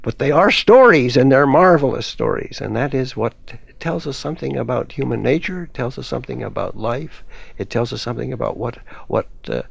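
A man with a gravelly, creaky voice talks as a guest scholar in a radio discussion. He halts often, with many fillers and restarts. The studio sound is dry and close. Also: mid-range voice, animated, fairly quick, no room sound. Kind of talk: academic discussion.

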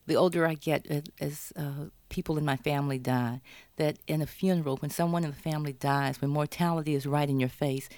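A woman's voice: sits low, steady tone, fairly quick, a little mellow, no echo. A woman, an author being interviewed, who tells her story with animation and acts out her characters' lines. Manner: thoughtful, with many restarts. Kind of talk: interview talk about her novel.

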